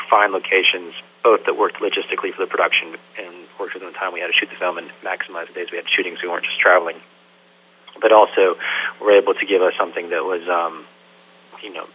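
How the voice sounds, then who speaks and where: A man's voice: low voice, steady tone, quick pace. A man, a film director, answering interview questions thoughtfully and loosely, with lots of "sort of" and "like". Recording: tinny phone-like line with faint hum.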